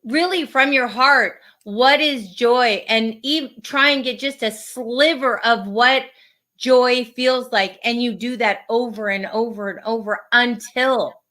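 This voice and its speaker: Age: adult. Sex: woman. Style: earnest podcast co-host, bright voice. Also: fairly high pitch, takes it slowly. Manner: earnest, reflective, restarts often. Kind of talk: casual podcast chat.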